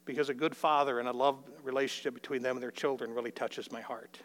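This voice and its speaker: During a sermon, an older man tells a folksy personal story, acting out the dialogue in a raised voice with rising pitch. He talks fast, with a steady, fairly bright tone.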